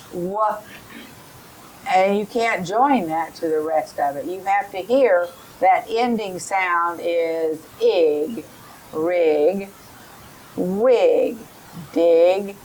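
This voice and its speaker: A middle-aged woman giving a teacher training lesson, explaining in a slow, careful way and modelling rhyming drills for children. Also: lowish voice, a little hiss or hum, rough recording.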